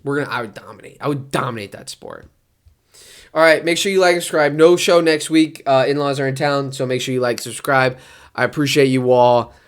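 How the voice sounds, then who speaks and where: A man vlogging about sports in a casual, rambling way, his voice jumping high when he gets worked up. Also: fairly quick. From Detroit area.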